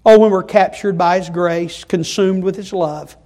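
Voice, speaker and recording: A man preaching a sermon, moving from quiet pleading to loud, impassioned delivery. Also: high voice, steady tone, normal speed.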